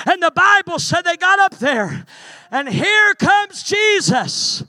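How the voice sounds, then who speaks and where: A male preacher, rousing a youth camp congregation in a sermon, often shouting and calling out to them. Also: very high voice, very animated, takes it slowly, dry recording.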